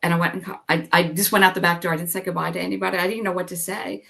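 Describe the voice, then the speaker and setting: A woman's voice: fairly low pitch, little pitch movement, rapid-fire, creaky, sharp tone. A middle-aged woman telling her own story as an interview guest. She talks candidly, says "like" and "you know" often, and acts out her past thoughts.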